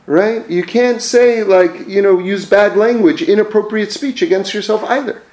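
High-voiced man telling teaching stories. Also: moderate pace, a little mellow, reverberant. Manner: conversational, with frequent fillers and self-corrections. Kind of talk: storytelling religious lesson.

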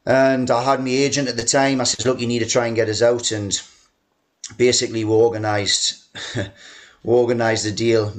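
A man's voice: medium pitch, flat delivery, moderate pace. A man, a former footballer telling stories as a podcast guest, chatty and full of "you know" and "like". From England. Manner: mimics a shouting chairman in quoted lines. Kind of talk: casual storytelling interview.

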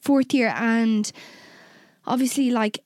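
A woman's voice: a little high, steady tone, takes it slowly, darkish tone, dry recording, studio quality. Candid young woman telling a story. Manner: candid, swears freely, acts out quoted exchanges. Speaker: podcast co-host. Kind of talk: casual chat, personal storytelling.

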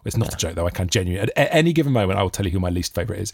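Man, rambling jokey talk, animated pitch, dry close sound. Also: racing, gravelly, slightly rough, no echo. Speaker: podcast co-host. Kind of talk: casual chat.

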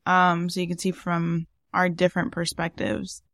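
A woman's voice: lowish voice, completely flat delivery, moderate pace, a bit bright, no room sound, studio quality. A woman co-hosting a podcast in casual chat, rambling with lots of fillers. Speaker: podcast co-host.

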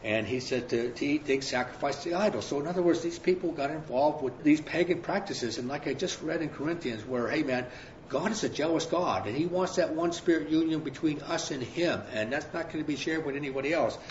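A man's voice: on the high side, a little fast, slight background noise. A man preaching a sermon, retelling a scripture story in a loose, conversational way with slang asides. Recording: roomy, dull sound.

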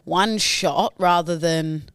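A woman's voice: on the low side, slow, clean tone, no room sound, studio quality. A woman co-hosting a podcast, playful and swearing, laughing often during banter. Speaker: podcast co-host. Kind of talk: casual banter.

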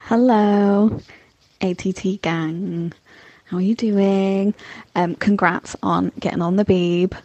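A woman's voice: mid-range voice, fairly even intonation, takes it slowly, mellow, highs cut off, slight background noise. A woman calling in to a podcast, wry and offhand in a casual voice message. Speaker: caller.

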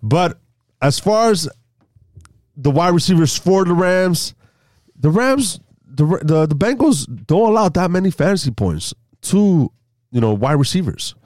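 A man's voice: unhurried, no echo, studio quality. A man co-hosting a fantasy football podcast, leading the segments in casual chat, often stumbling and restarting his sentences. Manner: leads the segments, stumbles and restarts, lively pitch swings.

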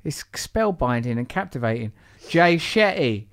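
A man's voice: mid-range voice, sing-song, unhurried, no echo, studio quality. A man hosting a podcast, teasing and rambling through asides between introductions. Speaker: podcast host. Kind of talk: playful podcast intro and banter.

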